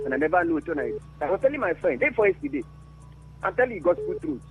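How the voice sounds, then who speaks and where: A Nigerian man calling into a radio show, speaking in a very high voice that swoops all over. His tone is gravelly with fry, and he rambles on animatedly in Pidgin. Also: sing-song, very fast, soft background music. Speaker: caller. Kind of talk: call-in radio talk.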